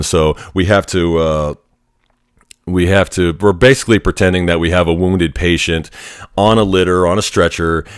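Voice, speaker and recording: A man's voice: low-pitched, smooth, dry recording, studio quality. A man telling a story in a casual, rambling way, with frequent restarts and military slang. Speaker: vlogger telling a training story.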